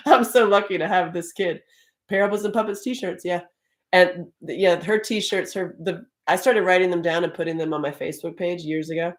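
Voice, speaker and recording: Middle-aged woman host, low-pitched, animated and chatty on a live stream, laughs a lot. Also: moderate pace. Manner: animated, laughs often, Southern-tinged "y'all". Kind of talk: casual live stream talk.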